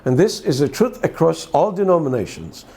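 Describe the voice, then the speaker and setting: A man with a fairly high voice and a distinctive accent reads scripture and then reflects on it. He talks to the listener in a conversational way, with wry questions and dry humor. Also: very animated, moderate pace, warm tone. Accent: distinctive accent, often questioned. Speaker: preacher giving a daily devotional. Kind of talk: gospel reading and reflection.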